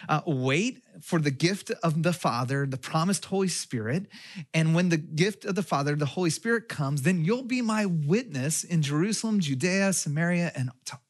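A man's voice: on the high side, animated, moderate pace. A pastor from Texas, giving a sermon in a conversational way and asking questions of his listeners. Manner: conversational preaching with rhetorical questions.

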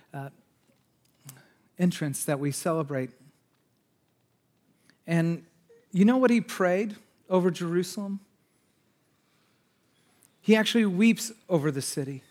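Male pastor, higher voice, sermon delivery with big swings from urgent to hushed. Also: gravelly. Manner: swings between urgent raised passages and hushed, quiet asides; conversational, with fillers and restarts.

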